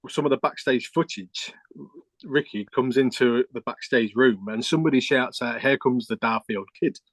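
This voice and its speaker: A man's voice: medium pitch, normal speed, dry recording. A middle-aged man, a keyboard player, telling a rambling story with restarts and quoted dialogue in a casual interview.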